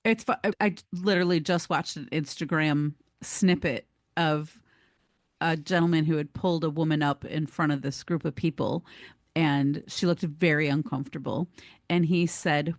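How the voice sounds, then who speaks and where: A woman's voice: deep voice, steady tone, moderate pace, no room sound, clean studio sound. A woman co-hosting a podcast, chatting casually and animatedly, laughing easily and swearing mildly. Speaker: podcast co-host.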